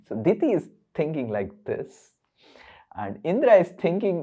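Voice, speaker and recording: A man's voice: on the high side, wildly swooping pitch, measured pace, dark tone, husky, dull audio. A man giving a playful scripture lecture, leading verse chants and chuckling as he explains. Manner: playful, chuckling, with frequent fillers. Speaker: spiritual teacher.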